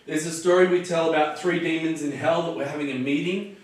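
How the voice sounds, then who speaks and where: An Australian man, an evangelist, teaching street preaching in an energetic, punchy, emphatic style. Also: a little high, fairly quick. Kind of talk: lively teaching talk. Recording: echoey room from far off.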